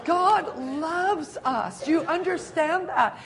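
An older woman preaching a sermon, animated and laughing often as she acts out quotes. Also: very high-pitched, slow, a crowd in the background, noisy background.

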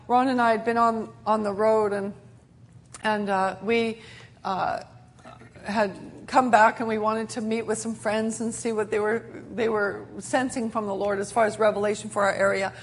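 Gravelly-voiced woman preacher telling a testimony. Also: on the high side. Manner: earnest storytelling with many restarts. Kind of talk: sermon testimony.

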